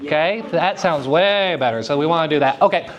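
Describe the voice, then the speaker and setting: A man teaching verse speaking to high school students in a live lecture, with a playful and teasing manner. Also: brisk, muffled recording. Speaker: drama teacher giving a lecture. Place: school room at a theater festival.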